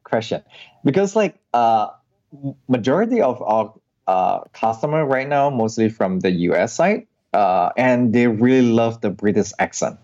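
A man being interviewed as an app founder, answering haltingly with many fillers and restarts. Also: medium pitch, animated, a little mellow. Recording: dull lo-fi sound.

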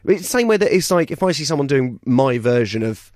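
A young man chatting as a guest impressionist, dropping in and out of quick impressions. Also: mid-range voice, no room sound, studio quality. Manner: lively, slips in and out of impressions. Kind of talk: casual interview chat.

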